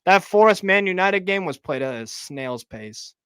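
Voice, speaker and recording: Chicago-accented male co-host, bright crisp voice, relaxed opinionated chat. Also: high voice, moderate pace, no echo. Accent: Midwestern American (Chicago). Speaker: live stream co-host. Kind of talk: casual live football chat.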